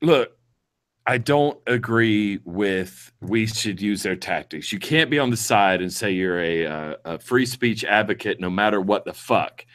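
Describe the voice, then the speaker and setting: A man's voice: lowish voice, animated, measured pace, a bit bright. A man with a Georgia accent hosting a casual panel chat, blunt and profane, with frequent ums. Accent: Georgia, US South. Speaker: podcast host.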